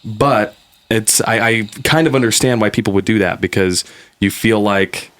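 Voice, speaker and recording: A man's voice: on the low side, normal speed, a bit bright. A man hosting a podcast in a studio, chatting and joking loosely with his co-hosts. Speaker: podcast host. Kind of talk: casual chat.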